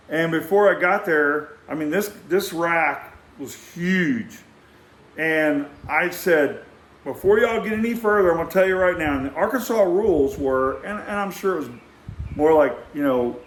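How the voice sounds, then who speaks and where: A man's voice: fairly high pitch, roomy sound. Older man telling a rambling story. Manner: animated, acts out sounds, many restarts. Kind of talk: rambling personal anecdote.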